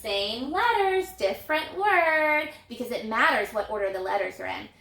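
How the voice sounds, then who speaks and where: A woman teaching an elementary phonics lesson, sounding out letters in a slow, encouraging, sing-song way. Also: a little high, lively intonation, gravelly, a bit bright, reverberant. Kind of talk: recorded phonics lesson for young children.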